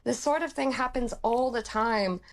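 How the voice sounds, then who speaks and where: Earnest woman in a radio interview. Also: on the high side. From outside the UK. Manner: earnest, measured. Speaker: interviewee, disability campaigner.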